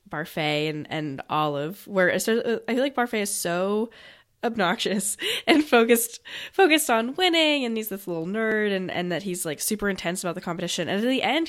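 Enthusiastic woman in casual chat. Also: mid-range voice. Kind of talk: casual chat about a musical.

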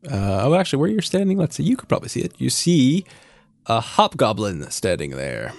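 A man narrating as game master, describing scenes with frequent pauses and fillers. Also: medium pitch, huge pitch swings, vocal fry, no echo.

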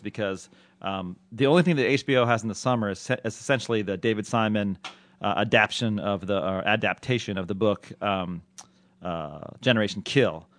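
A man's voice: fairly low pitch, fairly bright tone, dry recording. A man hosting a podcast, rambling casually through listener questions with many fillers and restarts.

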